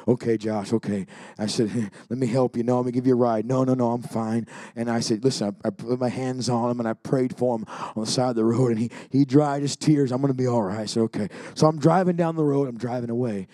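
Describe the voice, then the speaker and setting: A man preaching a Pentecostal sermon who swings from shouting to quiet storytelling. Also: mid-range voice, no echo. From Alaska. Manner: builds to shouting, then drops to quiet storytelling. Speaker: pastor.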